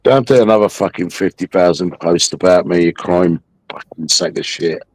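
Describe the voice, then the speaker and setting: A man's voice: sits low, moderate pace, darkish tone, dry recording. A man hosting a livestream, taunting a viewer in a mocking, aggressive rant full of swearing. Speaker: livestream host.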